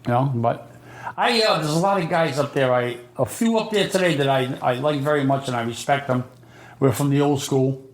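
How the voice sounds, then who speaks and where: A man's voice: medium pitch, fairly quick, roomy sound. An older man from Providence, telling blunt, profane tough-guy stories as an interview guest. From Providence, Rhode Island. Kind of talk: casual storytelling chat.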